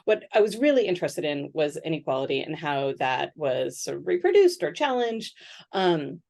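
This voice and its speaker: A middle-aged woman sociologist answering interview questions in a thoughtful, conversational way, often pausing with "um" and checking in with "right?". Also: sits low, gravelly. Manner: thoughtful, many "um"s and "right?" tags, animated when quoting others.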